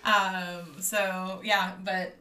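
A woman with a bright voice chats playfully on a podcast. She sits a little back from the mic, and the room echoes around her. Her talk is quick and animated. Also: lowish voice, recorded from a distance. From from Sacramento. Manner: playful, chatty, quick to laugh. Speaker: podcast host. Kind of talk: casual chat. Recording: roomy, a bit off-mic.

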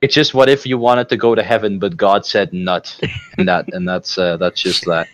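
Young guy rambling on a call, lowish voice. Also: fairly even intonation, moderate pace, noisy background. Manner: rambling, crude jokes, laughs often. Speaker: podcast co-host. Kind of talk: casual chat.

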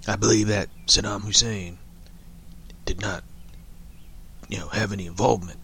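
A man's voice: lowish voice, fairly even intonation, normal speed, vocal fry, a bit bright, a little hiss or hum. A man putting on a mocking impression of an actor's stiff statesman voice.

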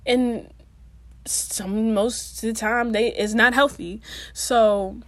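A woman's voice: a little high, takes it slowly, dry recording. Chatty young woman, dry close sound. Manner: chatty, animated, slangy, many fillers. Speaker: vlogger. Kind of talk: casual talk to camera.

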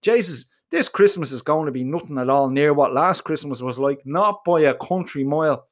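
A man with an Irish accent telling a comic first-person story in a profane, colloquial and animated way. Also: fairly high pitch, moderate pace. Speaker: narrator.

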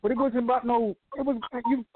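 High-pitched guy rambling on about sports, lots of you know, sounds like a phone call. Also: steady tone, quick pace. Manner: rambling, repeats himself, many fillers. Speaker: podcast co-host. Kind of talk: casual sports talk. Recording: tinny phone-like line, faint noise.

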